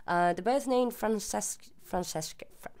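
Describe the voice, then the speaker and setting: A woman's voice: medium pitch, unhurried, darkish tone. A young woman from Sweden with a Swedish accent, chatting casually to camera in a rambling, self-deprecating way. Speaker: vlogger.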